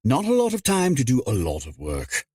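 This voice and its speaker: A middle-aged man, an audiobook narrator and dialect coach, answering interview questions in an explanatory way, often quoting people in quick asides. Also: medium pitch, wildly swooping pitch, a little mellow, breathy edge, no room sound, clean studio sound.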